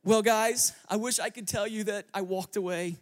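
High-voiced male pastor telling a story. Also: normal speed. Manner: lively storyteller, joking asides to the congregation. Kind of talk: sermon with storytelling. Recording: long reverb of a large hall.

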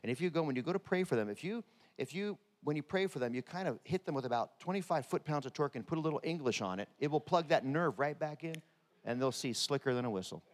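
A man preaches with a fairly high voice and slips in deadpan jokes between the scripture. His words carry the long reverb of a large hall. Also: fast talker. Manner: humorous, with deadpan jokes and lively asides. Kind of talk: sermon.

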